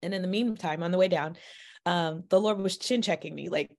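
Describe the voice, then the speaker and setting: A woman telling a personal faith story in a chatty, animated way, with sudden jumps in pitch and speed and plenty of "like" and "you know.". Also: fairly quick, gravelly. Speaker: mother sharing a personal testimony. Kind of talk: casual faith testimony storytelling.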